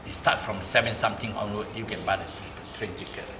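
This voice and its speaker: A man with a Malaysian English accent telling a personal story to an interviewer. He talks in an animated way, repeats phrases and turns louder and higher when quoting people. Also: quick pace. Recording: roomy, noisy ambience.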